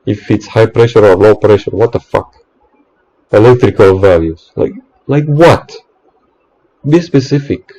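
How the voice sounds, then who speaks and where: A man's voice: fairly low pitch, expressive, unhurried, mellow, poor audio. A man, an electrician, in an exasperated ranting monologue, swearing often and stumbling over restarts.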